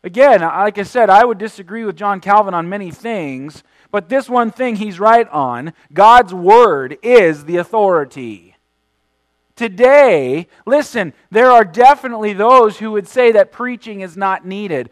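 Male pastor, high voice, dry close sound; emphatic sermon delivery that stretches out key words. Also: lively intonation, no echo, low-quality recording. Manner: emphatic preaching, stressing key words by slowing down and swelling in volume; repeats words while restarting phrases.

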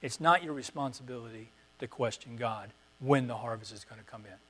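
Man preaching a sermon, soft to emphatic. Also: medium pitch, fairly quick. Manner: preacherly, repetitive exhortations swinging from quiet to emphatic. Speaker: pastor.

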